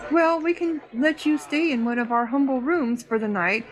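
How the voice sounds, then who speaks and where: A humble female cat-folk innkeeper from a fantasy game, as a woman reading aloud puts her on. She speaks in a timid, apologetic way. Her voice sits a bit high. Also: normal speed, lightly acted, low-quality recording. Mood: polite.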